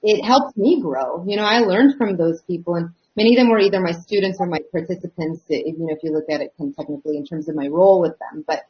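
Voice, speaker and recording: A woman's voice: lowish voice, fast, few pauses. A woman, a singer and teacher, chatting in an interview with a thoughtful, hesitant manner full of fillers. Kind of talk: casual interview chat. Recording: dull lo-fi audio.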